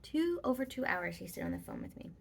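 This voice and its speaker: A woman's voice: lowish voice, big pitch swings, brisk, gravelly, husky. A woman vlogger telling a personal story in casual, rambling talk with many fillers.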